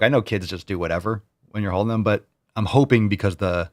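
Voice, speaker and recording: A man's voice: lowish voice, a little fast, few pauses, dry recording, clean studio sound. A man hosting a reaction show, mocking and incredulous as he repeats clips he is watching. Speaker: host. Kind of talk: reaction commentary.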